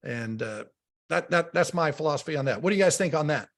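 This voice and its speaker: A middle-aged man, a radio football analyst, telling stories in casual sports talk, animated and often repeating words as he starts a thought. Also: a little high, fast talker.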